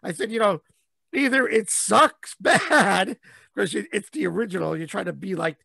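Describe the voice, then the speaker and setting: A man hosting a podcast interview in casual chat, excitable and cursing freely. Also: high voice, moderate pace, creaky, breathy edge, no echo. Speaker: podcast host.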